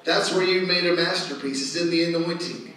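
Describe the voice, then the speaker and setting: A middle-aged man preaching a sermon as pastor, telling stories with animated energy that rises to loud exclamations. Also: high voice, a little fast. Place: church sanctuary. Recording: echoey church from a distance.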